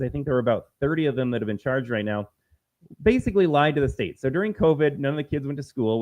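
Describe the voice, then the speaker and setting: A man's voice: mid-range voice, muffled recording. A man from Minnesota hosting a solo political commentary stream, talking in a combative, sarcastic and emphatic way.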